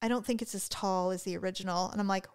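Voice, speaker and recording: A woman's voice: mid-range voice, steady tone, fast, a little mellow, smooth. A middle-aged woman co-hosting a podcast, telling a story in casual chat and acting out both sides of a conversation. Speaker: podcast co-host.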